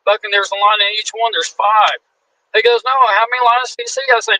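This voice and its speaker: A man in his forties, a guest wrestler, telling a story in a casual, animated way, acting out the quotes and swearing freely. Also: high voice, moderate pace, slight background noise, poor audio. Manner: animated, acts out quotes in shifting voices.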